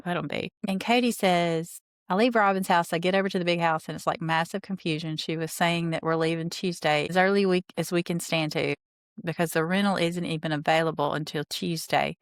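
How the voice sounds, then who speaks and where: Woman host recapping a show, kinda low voice, blunt opinionated asides, dry close sound. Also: fairly even intonation, brisk, no echo. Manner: retells scenes and quotes people, with blunt opinionated asides. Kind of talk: casual recap commentary.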